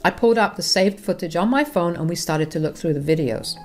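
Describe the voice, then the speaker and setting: Brief: woman storyteller, low-ish voice, chatty first-person narration, faint music underneath. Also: animated, a little fast. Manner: conversational, addresses listeners directly.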